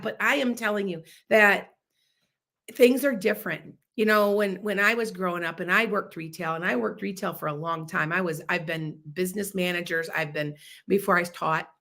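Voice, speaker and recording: A woman in her fifties hosting a podcast, talking in an animated, emphatic way and acting out bits of dialogue. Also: medium pitch. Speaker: podcast host. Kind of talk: casual monologue podcast.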